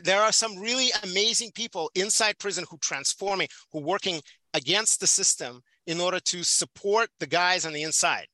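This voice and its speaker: Bright, emphatic man from the Soviet Union. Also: high-pitched, moderate pace, no room sound, rough recording. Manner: emphatic, passionate, repeats for stress. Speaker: podcast guest, prison volunteer teacher. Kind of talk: casual conversational interview.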